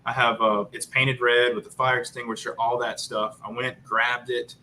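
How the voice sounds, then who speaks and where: A man in his thirties, a guest on a live chat show, telling a story in an animated, joking way with lots of fillers. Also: mid-range voice, normal speed, a little hiss or hum, rough recording. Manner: joking, upbeat about a grim story.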